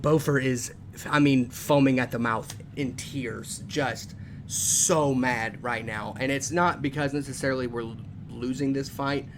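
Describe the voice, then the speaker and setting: A man's voice: medium pitch, steady tone, a little slow. A man playing a tabletop game, describing his character and often hesitating as he searches for words. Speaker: player. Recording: noisy background.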